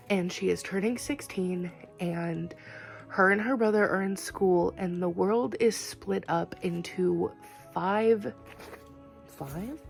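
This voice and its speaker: A woman's voice: mid-range voice, vocal fry, a little mellow. A woman talking casually in a reading vlog, rambling with lots of "like" fillers. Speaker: reading vlogger.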